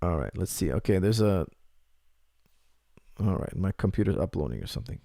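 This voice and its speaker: A man's voice: low voice, very animated, brisk, gravelly, dark tone, no room sound, studio quality. A man, an MMA coach, answering viewer questions in a casual live chat, repeating points for emphasis.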